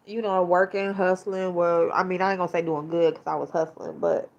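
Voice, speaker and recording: A woman's voice: fairly low pitch, steady tone, normal speed, a little mellow. Frank, emotional woman in her forties. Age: 40s. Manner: frank, profane, emotional, many fillers. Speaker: podcast host. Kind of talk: candid emotional talk. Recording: slightly dull lo-fi sound.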